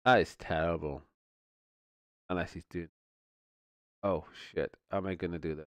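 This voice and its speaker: A man's voice: deep voice, fairly even intonation, moderate pace, a bit bright, smooth, no room sound. A man streaming casual ranting commentary, rambling, swearing, stumbling over his words and restarting often. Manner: rambling, swears, stumbles and restarts, repeats "you know what I mean".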